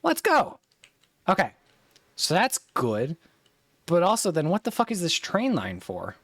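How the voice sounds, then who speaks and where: A man's voice: high-pitched, huge pitch swings, unhurried, pauses often, fairly bright tone, no echo. A man streaming a game in casual chat, swearing and joking, his throat strained from holding a raised voice.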